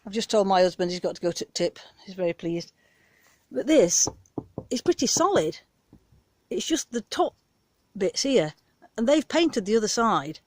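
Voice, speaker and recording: A woman's voice: mid-range voice, sing-song, moderate pace, pauses often. A British woman chatting casually in her garden as she films herself on a handheld phone, talking in a rambling, down-to-earth way. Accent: British English. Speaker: gardening vlogger. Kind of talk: casual chat. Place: outdoor back garden.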